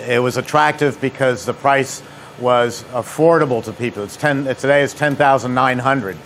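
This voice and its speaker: A man's voice: medium pitch, fairly bright tone, slight background noise. A man, a company president giving a live seminar demonstration as a chatty, joking storyteller. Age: 50s or 60s.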